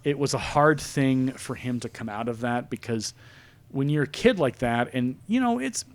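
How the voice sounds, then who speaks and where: A man in his forties hosting a podcast, chatting casually in an animated, jokey, rambling way. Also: mid-range voice, moderate pace. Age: 40s. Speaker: podcast host. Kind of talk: casual chat.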